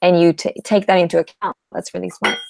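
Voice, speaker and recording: A woman writer on a live workshop panel, speaking earnestly and thoughtfully with small pauses. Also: lowish voice, steady tone, gravelly, darkish tone, slight background noise. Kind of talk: casual live video chat.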